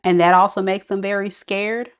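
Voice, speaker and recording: A woman's voice: medium pitch, steady tone, moderate pace, clear, resonant tone. Chatty woman giving a tarot reading. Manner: chatty, reacting to viewer comments. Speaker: tarot reader.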